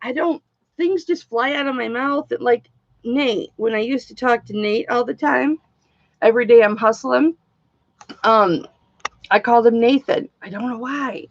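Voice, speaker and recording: Woman, live-stream seller; chatty, excitable, casual swearing; slightly high voice, dry lo-fi sound. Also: measured pace, dry recording.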